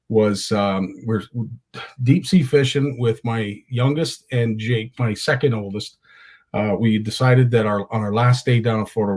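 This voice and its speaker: A middle-aged man, hosting a fishing talk show and telling rambling anecdotes with lots of restarts. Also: medium pitch. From Canada. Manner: rambling storyteller with many restarts. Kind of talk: casual chat, telling anecdotes.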